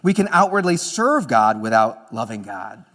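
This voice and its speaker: A pastor preaching a sermon in an earnest manner, moving between emphatic lines and hushed ones. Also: male voice, mid-range voice, big pitch swings, normal speed.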